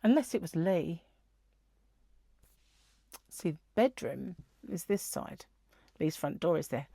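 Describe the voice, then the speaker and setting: Middle-aged woman for a casual crochet vlog, animated and giggly, dry close recording. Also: lowish voice, takes it slowly, vocal fry, no room sound. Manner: chatty, giggly, rambling storytelling. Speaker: crochet vlogger. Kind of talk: casual chat.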